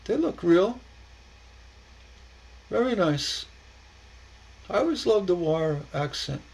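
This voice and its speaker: Gravelly high-voiced man chatting slowly. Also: sing-song, rough recording. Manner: rambling, chuckling, stammering repeats. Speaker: stained glass livestream host. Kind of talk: casual livestream chat.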